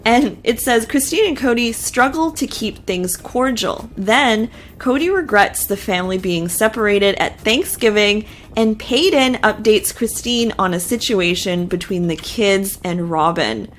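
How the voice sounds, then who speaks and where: A woman's voice: medium pitch, lively intonation, measured pace, few pauses. A woman hosting a casual TV recap and reaction, talking in a chatty, opinionated way with lots of fillers and asides. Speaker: show recap host.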